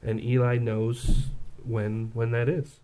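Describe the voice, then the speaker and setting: A man chatting casually about his kids in a steady, plain-spoken way. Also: medium pitch, slow pace. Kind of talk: casual chat.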